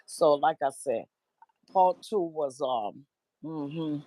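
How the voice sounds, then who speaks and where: A woman's voice: sits low, lively intonation, takes it slowly, mellow, no room sound, poor audio. A woman guest on a livestream, telling stories in a gossipy way with frequent laughter. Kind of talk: casual chat.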